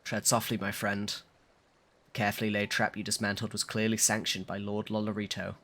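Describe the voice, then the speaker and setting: A man voicing a courtly young male scholar, formal old-fashioned wording, lowish voice, bright forceful tone. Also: flat delivery, a little fast. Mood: wry. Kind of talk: reading game dialogue aloud on a live stream.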